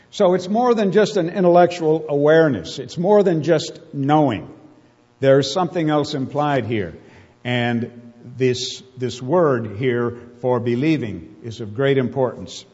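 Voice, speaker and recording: A man preaching a sermon, emphatic and full of rhetorical questions, slowing down to stress key words. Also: medium pitch, a little mellow. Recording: muffled sound with long hall reverb.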